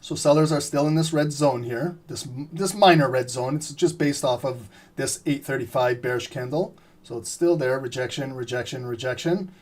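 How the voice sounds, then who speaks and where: A man giving live trading commentary, explaining steadily and often clearing his throat as he says he is losing his voice. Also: fairly high pitch, moderate pace. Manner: steady explanatory, repeats "remember" and "right?". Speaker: trading streamer.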